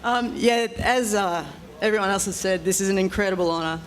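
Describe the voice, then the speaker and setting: A woman's voice: mid-range voice, brisk. A woman giving an emotional, hesitant acceptance speech, full of ums and small laughs. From Australia. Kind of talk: informal ceremony speech.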